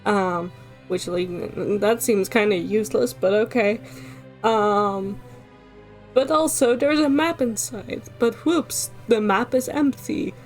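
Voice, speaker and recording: A woman's voice: medium pitch, slow pace, faint music behind. A woman with a Dutch accent, casually recapping a story as a streamer, sweary and full of fillers and laughs.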